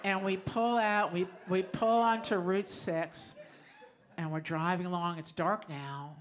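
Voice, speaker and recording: A woman's voice: fairly low pitch, fairly even intonation, unhurried. A middle-aged woman performing a personal story live on a small club stage, conversational and often laughing as she tells it.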